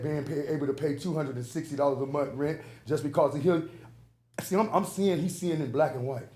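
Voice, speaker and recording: A man's voice: a little high, a little fast, a little mellow. Impassioned man, preacher-like cadence. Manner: emotional, preacher-like cadence with rhetorical questions. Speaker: public commenter. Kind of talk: impassioned public comment. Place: large council chamber. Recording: echoey council chamber.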